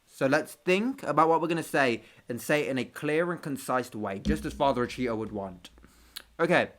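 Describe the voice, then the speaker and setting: A man's voice: mid-range voice, moderate pace, a bit bright. A man with street hosting a reaction video, ranting casually with profanity and self-mocking jokes.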